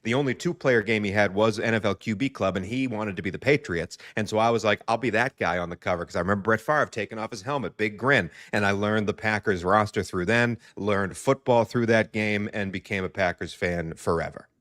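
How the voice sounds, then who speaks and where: A man's voice: lowish voice, a little fast, hardly any pauses, fairly bright tone, no echo, clean studio sound. A man in his thirties from the US East Coast, a guest in casual podcast banter who rambles and tells stories about himself. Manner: rambling, self-deprecating, storytelling.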